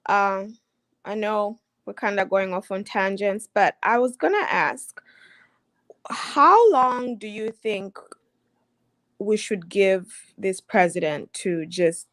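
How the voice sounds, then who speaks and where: A woman's voice: mid-range voice, slow pace, no echo. A woman speaking as a panelist in a casual discussion, hesitant with many fillers and sounding impatient.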